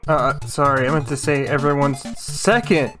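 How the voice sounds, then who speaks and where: Sarcastic young guy ranting about games, loud music playing under him. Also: fairly high pitch, moderate pace. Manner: sarcastic, excitable outbursts. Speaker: gaming YouTuber. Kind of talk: comedic recap commentary.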